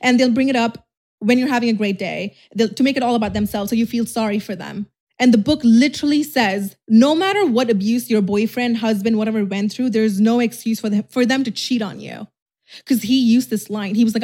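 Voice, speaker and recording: A young woman's voice, slightly high with a darkish tone, moves briskly as she tells a personal story for her YouTube vlog. She's frank and wandering, uses "like" a lot, keeps starting sentences over, and swears casually.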